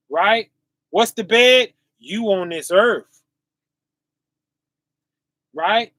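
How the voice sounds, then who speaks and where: A man's voice: high voice, pushed and bright, dry recording. A male preacher, reading scripture and asking his listeners "right?" as he goes. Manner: call-and-response asides, often asking "right?"; reads verses slowly and drawn out.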